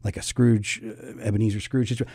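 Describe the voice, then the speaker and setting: A man hosting a casual podcast, talking in a halting way with restarts and frequent laughs. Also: on the low side, little pitch movement, warm tone, dry recording, clean studio sound. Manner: halting, many fillers and restarts, laughs often. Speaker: podcast host.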